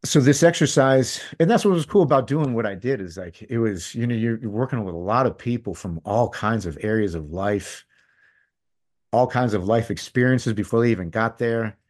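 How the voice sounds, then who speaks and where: A middle-aged man telling a personal story as a podcast guest, candid and rambling, his voice dropping to a hush and rising again. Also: mid-range voice, expressive, normal speed. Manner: candid, rambling, swings between loud and hushed. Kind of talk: casual storytelling.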